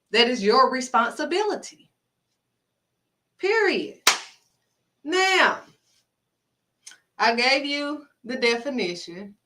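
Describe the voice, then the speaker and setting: Her voice sits on the high side with a fairly bright tone as this faith vlogger lectures the camera, emphatic and blunt, scolding and saying things twice to drive them home. The mic picks her up from a bit of a distance.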